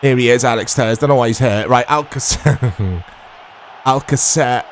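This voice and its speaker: A man in his thirties casually commentating his own football video game, chatty and quick to get excited. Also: medium pitch, a little hiss or hum. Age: 30s. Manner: chatty, easily excitable, self-deprecating. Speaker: gaming YouTuber.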